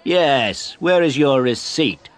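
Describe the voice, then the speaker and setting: A man voicing a tired, dismissive photographer who turns shrill. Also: lively intonation, takes it slowly. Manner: dismissive, then panicky. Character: tired, hostile male photographer who shrieks for help.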